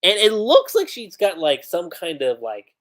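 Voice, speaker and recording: A man's voice: sits high, wildly swooping pitch, a little slow, a bit bright. A man on a livestream, casually recapping and reading out comic panels, rambling with slangy asides. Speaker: livestream manga reviewer.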